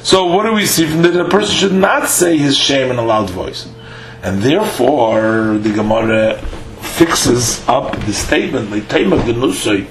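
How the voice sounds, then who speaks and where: A man teaching a daily Talmud lesson. He reads a phrase of the text, translates it, and explains it in a halting way with many "uh" fillers. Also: mid-range voice, roomy sound, a little hiss or hum, low-quality recording. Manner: reads Hebrew-Aramaic phrases, then translates them.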